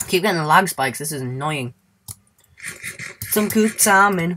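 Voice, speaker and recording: A man's voice: on the high side, lively intonation, normal speed, pauses often, bright, forceful tone, a little hiss or hum. A man giving casual let's-play commentary in a goofy, rambling way, humming and singing to himself and squealing now and then.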